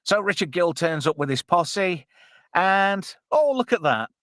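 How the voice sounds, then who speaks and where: A man's voice: sits high, big pitch swings, a little slow, a bit bright, dry recording, studio quality. A man hosting a casual, jokey live-stream commentary on a film. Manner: chatty, jokey, puts on silly voices. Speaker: podcast co-host.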